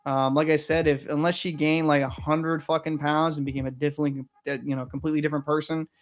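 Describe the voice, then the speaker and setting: A man's voice: on the high side, little pitch movement, fast talker. A young man hosting a reaction video, talking candidly in a rambling, casual way and swearing freely. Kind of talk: casual commentary.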